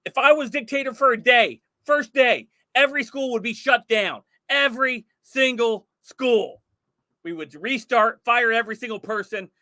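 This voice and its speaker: High, bright-voiced man hosting a stream. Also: moderate pace, no echo, studio quality. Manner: exclaiming, incredulous, laughs often. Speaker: livestream host. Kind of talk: livestream commentary.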